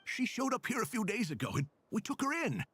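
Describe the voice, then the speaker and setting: A begging village elder. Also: male voice, sits high, very animated, brisk, fairly bright tone, husky, no room sound, faint music behind, heavily acted. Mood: pleading. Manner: eager, begging, hospitable. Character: pleading male desert village elder. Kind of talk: game voice acting.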